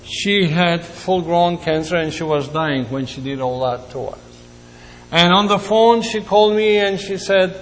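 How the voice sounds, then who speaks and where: A male pastor delivers a sermon in slow, emotional phrases with frequent pauses. His voice sits a little high for a man. The sound carries a long reverb from a large hall, with a faint hum underneath.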